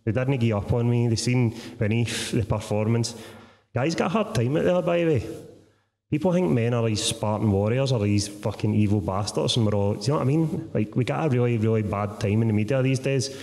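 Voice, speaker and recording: A Scottish man who is a guest author, telling animated, sweary stories and asking "right?" a lot in a live podcast conversation on a theatre stage. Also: mid-range voice, brisk. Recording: reverberant theatre hall.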